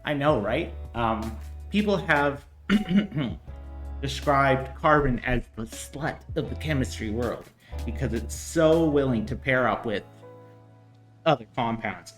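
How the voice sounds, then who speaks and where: A man walks through chemistry problems on a casual stream, drifting into chatty asides and stumbling over fillers as he thinks aloud. His voice sits in a middling range and rings in a roomy space. Soft guitar music plays faintly underneath. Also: mid-range voice. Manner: rambling, hesitant with many fillers, chatty asides. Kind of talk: casual livestream lesson.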